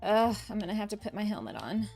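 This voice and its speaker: A woman's voice: mid-range voice, sing-song, fast talker, creaky. A woman streamer chatting casually with her viewers as she builds in a farming game, reading their comments aloud, laughing often and poking fun at herself. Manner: chatty, self-deprecating, laughs often, reads and answers chat aloud. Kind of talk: casual livestream chat while building. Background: soft game music.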